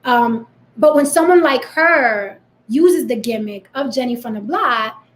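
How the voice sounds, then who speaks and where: Bronx-raised woman in her thirties with a New York accent, a fairly high voice and a blunt, defiant vlog delivery. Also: expressive, a little slow. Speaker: vlogger. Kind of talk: direct-to-camera rant.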